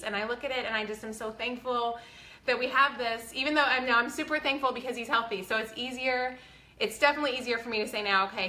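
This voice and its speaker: A woman's voice: on the high side, bright, forceful tone, reverberant. A woman, talking earnestly and chattily to her viewers, close to tears, with a faith-filled manner. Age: 40s. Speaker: vlogger. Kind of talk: casual heartfelt talk to viewers.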